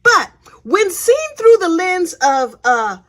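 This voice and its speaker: A woman's voice: very high-pitched, very animated, slow pace, a bit bright. A woman hosting true crime commentary, telling it as sassy, gossipy storytelling full of slangy asides.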